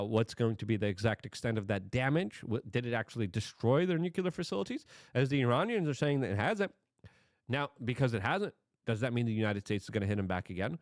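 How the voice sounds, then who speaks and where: Animated, emphatic male commentator. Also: medium pitch, dry recording, studio quality. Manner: emphatic, animated, rhetorical questions. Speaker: political commentary host.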